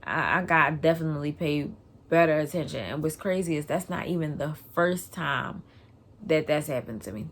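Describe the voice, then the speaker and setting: A woman vlogger, casually telling a personal story in an animated way and getting loud when she relives the scene. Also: low-pitched, creaky.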